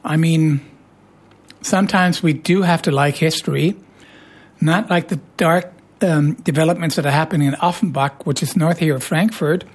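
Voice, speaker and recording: Hoarse lady radio host, lowish husky voice, teasing and playful, punches words hard. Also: moderate pace. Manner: playful, teasing, animated emphasis. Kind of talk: casual radio chat.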